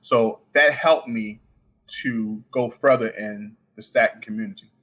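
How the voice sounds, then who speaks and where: A man with a Baltimore accent, a coin ring artist talking as a guest on a podcast, speaking quickly with the odd stutter and restart. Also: on the low side, a bit bright, muffled recording. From Baltimore, United States. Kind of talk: casual podcast interview.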